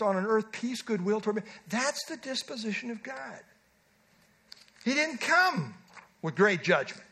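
Middle-aged male pastor, high-pitched, earnest emphatic sermon delivery. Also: bright, forceful tone. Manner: earnest, emphatic preaching with slow stressed phrases.

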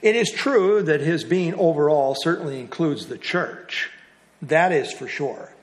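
A man's voice: fairly high pitch, a little slow. A man leading a Bible study, explaining a passage earnestly and repeating key phrases for emphasis.

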